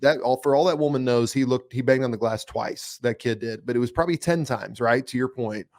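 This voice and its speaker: A man in his forties with a middle-pitched voice hosts a podcast. He talks earnestly and reflectively, and between his stories he chimes in with brief agreement. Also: a little fast, a little mellow. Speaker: podcast host. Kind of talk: casual conversation.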